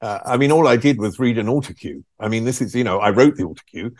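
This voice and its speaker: A man's voice: medium pitch, expressive, fast, darkish tone, no echo, clean studio sound. An older man, a former presenter telling candid stories in an interview, frank and self-deprecating, laughing at himself. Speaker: former music TV presenter, guest. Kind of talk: candid conversational storytelling.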